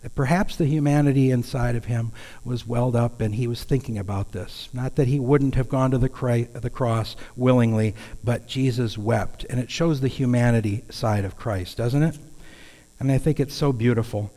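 A man's voice: medium pitch, moderate pace, mellow. Man preaching in a reverberant hall. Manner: earnest, conversational preaching with sudden raised calls. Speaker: pastor. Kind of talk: sermon. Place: church sanctuary.

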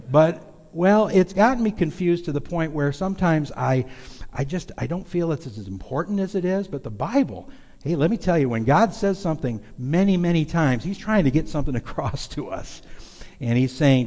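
A man's voice: fairly high pitch, very animated, moderate pace, mellow, big-room sound. A man pastor giving a folksy, conversational sermon in a church sanctuary, talking openly to the congregation. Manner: folksy, conversational, confessional preaching.

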